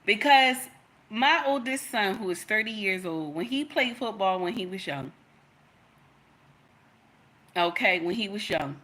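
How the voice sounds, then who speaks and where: A woman's voice: mid-range voice, animated, measured pace, pauses often, pushed and bright. A woman, giving an emphatic, storytelling opinion monologue in which she repeats her points. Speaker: content creator.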